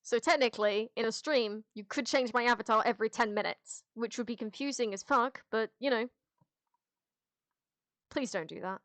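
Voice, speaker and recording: A woman streaming on a headset mic, chatting with her viewers in a loose, rambling way. Her voice sits a bit higher than most, and she often restarts sentences and swears casually. The sound is close and dry. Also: moderate pace, fairly bright tone, dry recording. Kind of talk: casual livestream chat, answering chat.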